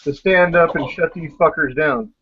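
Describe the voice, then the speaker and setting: A podcast host with a slightly high voice, speaking at normal speed, rambles bluntly and profanely in a relaxed pre-show chat. The call is a dull lo-fi online one, and a crowd can be heard behind him.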